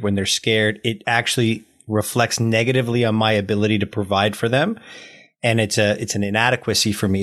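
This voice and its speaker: A man co-hosting a podcast who talks in a measured, earnest, reflective way about himself. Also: on the low side, a bit bright. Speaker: podcast co-host. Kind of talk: casual podcast chat.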